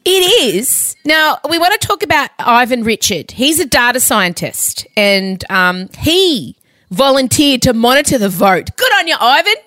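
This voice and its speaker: A woman's voice: a little high, animated, measured pace, fairly bright tone, no echo. A woman co-hosting a podcast, telling news stories in a chatty, giggly way. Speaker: podcast co-host. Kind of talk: casual chat.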